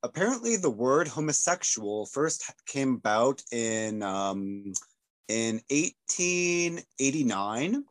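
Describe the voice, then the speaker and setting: A man with an American accent hosting a casual podcast discussion, animated and jokey. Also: medium pitch, slow, no room sound. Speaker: podcast host.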